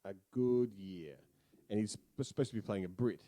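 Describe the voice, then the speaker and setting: A man's voice: on the low side, normal speed, dark tone, no room sound. A man co-hosting a podcast, bantering and joking about movies. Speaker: podcast co-host. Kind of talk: casual movie chat.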